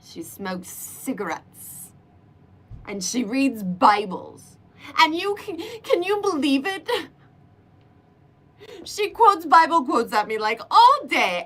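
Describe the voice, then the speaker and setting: A woman's voice: high-pitched, very animated, takes it slowly, long pauses, fairly bright tone. A woman hosting a casual livestream chat in a playful demon persona, dramatic and prone to laughing. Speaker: livestream host.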